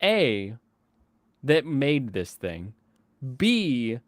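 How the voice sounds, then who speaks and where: A male podcast host in a casual chat, ranting with animated sarcasm and mock voices. His voice sits at an ordinary pitch and sounds dry and close. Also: extremely slow, no echo. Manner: animated, sardonic ranting, slips into mocking voices.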